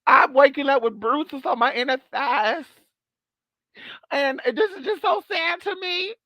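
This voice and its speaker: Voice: a little slow, pushed and bright, no echo. A vlogger mocking a melodramatic woman who begs viewers online for money, in a theatrical, pleading, sobbing way. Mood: wailing, pleading. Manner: wailing, theatrical, high-pitched sob story.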